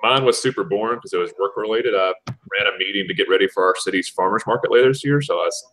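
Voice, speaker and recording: Laid-back low-voiced man hosting. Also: fast talker, a bit bright, a little hiss or hum, rough recording. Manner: laid-back, moves the talk along. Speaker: host running the round. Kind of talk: casual group chat on a live stream. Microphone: computer mic on a video call.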